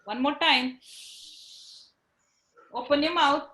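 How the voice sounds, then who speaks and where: A woman's voice: high voice, takes it slowly, bright, forceful tone, poor audio. A woman teaching young children in an online class over a video call, encouraging them with simple words and frequent tag questions.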